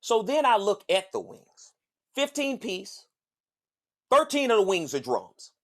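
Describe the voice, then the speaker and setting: Animated man telling a story. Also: high-pitched, measured pace. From Southern United States. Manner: animated, profane, acts out other voices. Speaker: podcast host. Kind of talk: casual storytelling monologue.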